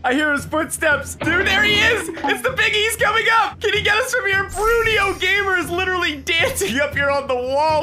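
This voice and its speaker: A man giving excitable live gameplay commentary as a gaming YouTuber, often breaking into yelps and shouts. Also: very high-pitched, moderate pace, over loud music.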